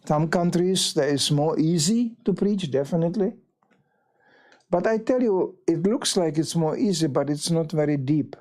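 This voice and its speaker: A man telling stories during a temple talk, his pitch leaping up and down with lively energy. He slips into the voices of the people he describes, keeping the room along with an easy, anecdotal flow. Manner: animated storyteller, acts out quoted voices. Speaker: visiting monk giving a talk. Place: temple hall.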